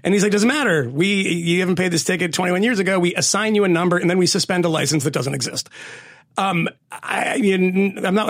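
Male podcast co-host, gravelly, animated storyteller, pitched a bit high. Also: no echo, studio quality. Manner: animated storytelling with laughs and profanity. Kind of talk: casual chat.

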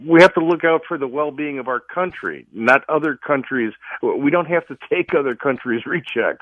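A man's voice: on the high side, lively intonation, normal speed, no room sound, phone-quality sound. A man speaking as a guest commentator on a talk radio show, emphatic and opinionated, stumbling and restarting often.

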